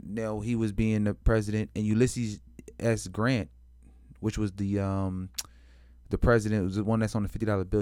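A man with a low, smooth, mellow voice tells a history story in loose street slang, swearing freely and restarting his sentences. He acts out both sides of the story in quoted voices. The sound is dry and close. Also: dry recording. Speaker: history commentator. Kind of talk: casual history talk.

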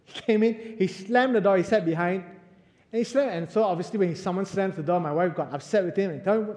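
Man preaching, high mellow voice, tells stories with lots of laughs, big echoey church, soft music. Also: fast. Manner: storytelling, animated, laughs often. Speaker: pastor. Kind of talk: sermon. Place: church hall. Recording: reverberant hall with faint music.

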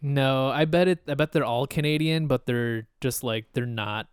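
A man chatting on a podcast who mostly agrees with the others and chimes in with short replies. His voice is smooth and clear, and the sound is dry. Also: mid-range voice, moderate pace, dry recording. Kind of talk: casual chat.

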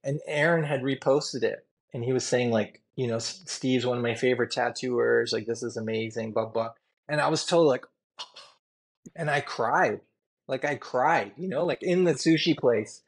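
A tattoo artist appears as a guest in a candid storytelling interview, rambling earnestly and emotionally, his speech packed with "you know" and "like." His voice is medium in pitch with fairly even intonation, at normal speed.

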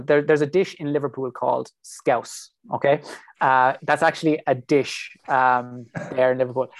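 A man's voice: mid-range voice, dry recording, clean studio sound. A young man from Ireland, a PhD researcher, chatting casually in an interview with lots of fillers and restarts. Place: home.

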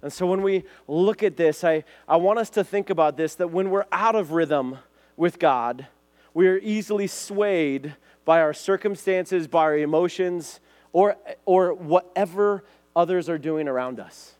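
High-voiced chatty preacher man. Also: a little slow. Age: adult, has a son. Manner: lively, chatty, repeats words and asks "right?", "okay?". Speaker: youth pastor. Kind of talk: casual sermon to a group.

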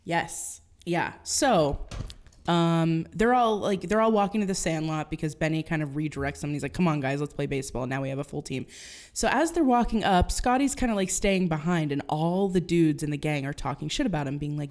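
A woman's voice: low-pitched, fairly quick, a little mellow. A young woman co-hosting a podcast in casual chat, retelling stories and acting out quotes in silly voices. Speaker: podcast co-host.

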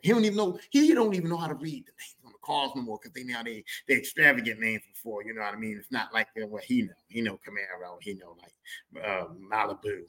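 A man telling a comic story on his podcast, animated and profane, repeating lines for emphasis. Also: on the low side, fast talker. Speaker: podcast host.

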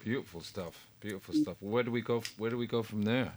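A man hosting a casual chat, soft-spoken and trailing off into quiet murmurs. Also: on the low side, quick pace, a little hiss or hum.

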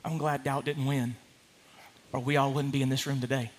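A man preaching a sermon to a congregation, impassioned, swinging from hushed to loud. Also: mid-range voice, little pitch movement, moderate pace. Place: large room with a congregation.

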